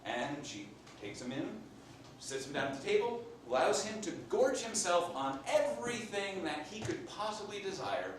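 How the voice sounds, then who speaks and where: A man doing a comic in-character monologue as an improv performer, an animated storyteller playing a Renaissance papal scribe. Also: high-pitched, normal speed, a little hiss or hum. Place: live theater stage. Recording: echoey stage from far off.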